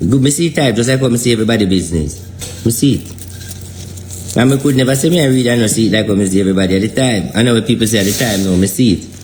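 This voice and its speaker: A man's voice: mid-range voice, a little mellow, slight background noise. A man with a Jamaican accent preaching informally in an emphatic style, repeating his phrases over and over in patois. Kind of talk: casual street preaching.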